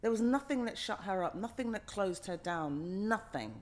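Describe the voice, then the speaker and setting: Her voice is mid-range, expressive and a little mellow, at a normal speed. A middle-aged woman guesting on a casual interview as an actor, she speaks passionately and emphatically, often repeating phrases for emphasis.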